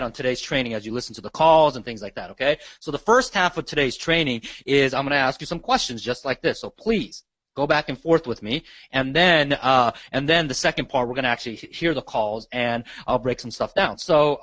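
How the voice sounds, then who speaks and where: A man's voice: mid-range voice, fairly bright tone, no room sound. Guy running an online sales training, keeps checking in with folks, dry mic. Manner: coaching, asks questions and checks in often. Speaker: real estate sales trainer. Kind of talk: live online training webinar.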